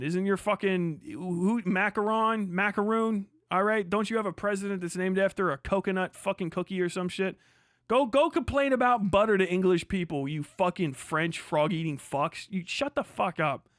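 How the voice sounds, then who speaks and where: Profane ranting streamer with a high voice. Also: male voice, no echo, studio quality. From Kentucky. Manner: crude, mocking, loud ranting with frequent laughter. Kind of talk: profane political rant on a livestream.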